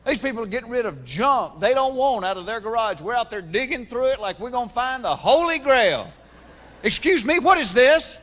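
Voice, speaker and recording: High-voiced Southern man doing stand-up. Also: animated, brisk, few pauses, fairly bright tone, long reverb tail. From Georgia, US. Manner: folksy storytelling with voices. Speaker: stand-up comedian. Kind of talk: stand-up comedy routine. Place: large theater stage before an audience.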